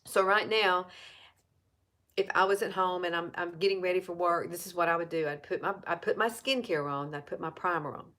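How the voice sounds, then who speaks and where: Chatty Alabama Southern woman, low voice. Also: a little fast, fairly bright tone. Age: 50s. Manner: chatty, repeats herself, talks straight to viewers. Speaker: makeup seller and vlogger. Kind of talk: casual live makeup tutorial.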